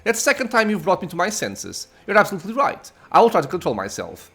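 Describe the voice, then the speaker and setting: A man's voice: high-pitched, huge pitch swings, fast talker, vocal fry, fairly bright tone, breathy edge, pitched above the performer's own voice, heavily acted. A man reading the lines of a tired, grieving male cleric from a game. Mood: earnest. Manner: earnest, tired. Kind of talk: reading game dialogue aloud.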